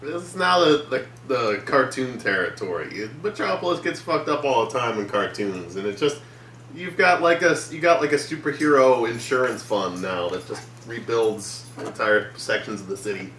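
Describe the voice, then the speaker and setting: A man's voice: mid-range voice, lively intonation, moderate pace, fairly bright tone, slight background noise. Man pushing back in an echoey room. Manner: teasing, laughing pushback. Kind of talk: casual chat. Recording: echoey room, mic at a distance.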